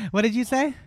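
Giggly rambling radio co-host. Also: medium pitch. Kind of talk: casual radio chat. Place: radio studio.

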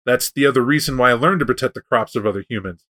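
Brief: man with a bright, bold voice, spinning a tale in easy chat. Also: medium pitch, quick pace. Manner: animated, loose, self-correcting. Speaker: storyteller. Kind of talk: casual spoken storytelling.

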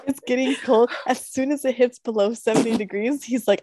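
A woman's voice: a little high, fairly even intonation, a little fast, dark tone, slight background noise. A young woman co-hosting a podcast, reminiscing in easygoing casual chat and laughing often. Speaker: podcast co-host.

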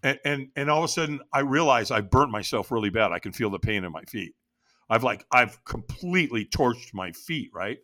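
Bright, animated male storyteller. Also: normal speed. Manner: animated, acts out his own past lines with jumps in pitch. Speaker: podcast guest. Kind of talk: storytelling interview.

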